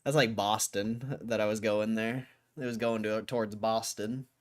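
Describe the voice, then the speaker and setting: Young male stream host, low-ish voice, relaxed and wry, reading news in casual chat. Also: moderate pace. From Connecticut, USA. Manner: laid-back, wry, offhand remarks. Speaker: livestream host.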